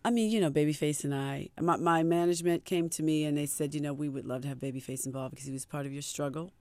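A middle-aged woman from Maryland, a singer chatting as a guest in a casual interview, warm and playful with easy laughs. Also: low voice, fairly even intonation, fast, clean tone, no echo. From Maryland, USA.

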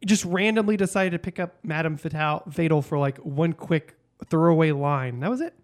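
A podcast co-host recapping a story in a casual chat, with many pauses and fillers. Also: mid-range voice. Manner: storytelling, hesitant.

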